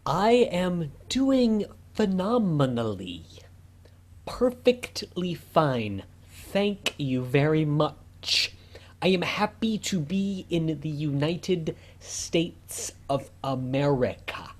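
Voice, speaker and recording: A man voicing a newly arrived Italian immigrant who speaks slow, stiff, overly formal English. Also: a little high, sing-song, heavily acted.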